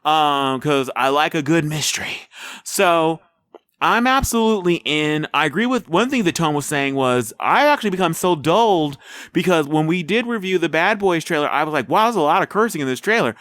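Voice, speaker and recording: Rambling man with a smooth voice. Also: on the high side, expressive, normal speed, fairly bright tone, dry recording. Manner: rambling, with many fillers and restarts. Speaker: podcast co-host. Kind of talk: casual chat reviewing a trailer.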